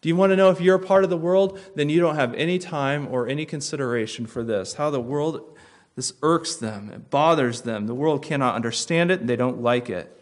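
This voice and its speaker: A man's voice: a little high, fairly quick. A man preaching a sermon as pastor, emphatic, driving his points home with repeated phrases.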